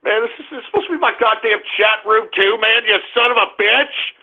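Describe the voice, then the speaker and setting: Angry cursing male radio host, very high gravelly voice, tinny phone-like sound. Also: brisk. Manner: angry, exasperated, cursing, shouting at listeners. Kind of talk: ranting at a live chat room.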